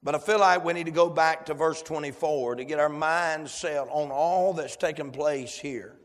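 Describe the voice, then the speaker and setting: A man preaching, praying and reading scripture aloud with slow, emphatic cadence. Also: fairly high pitch, big-room sound. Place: church sanctuary.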